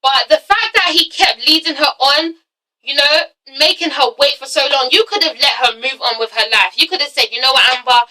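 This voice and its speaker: A high, very bright young woman's voice, heard from a little way off the mic. She talks about a reality show in a casual, emphatic way, swearing freely and tagging lines with "okay?" and "all right?". She acts out quotes with big jumps in pitch. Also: normal speed, distant mic, rough recording. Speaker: vlogger reviewing a reality show. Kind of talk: casual vlog review.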